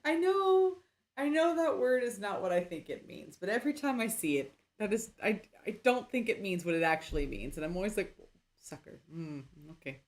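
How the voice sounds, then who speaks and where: A woman's voice: mid-range voice, big pitch swings, brisk. A woman streaming a story game, reading its text aloud and reacting playfully between lines.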